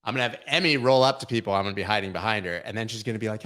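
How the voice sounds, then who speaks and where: A man's voice: on the low side, very fast, few pauses, a bit bright. A man hosting a casual livestream chat, rambling and joking with lots of filler words. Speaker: host.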